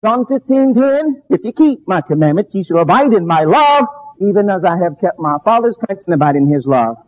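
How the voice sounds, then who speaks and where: A male preacher with a high, lively voice that leaps up and drops low as he drives home each point. He delivers a fervent, emphatic sermon full of dramatic pauses. The recording sounds dull and lo-fi.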